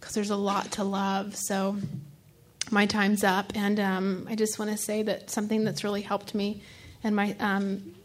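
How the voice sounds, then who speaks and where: A woman's voice: mid-range voice, completely flat delivery. Emotional woman sharing her testimony. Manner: emotional, halting, many fillers and "like". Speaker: speaker sharing at a recovery meeting. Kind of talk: personal testimony.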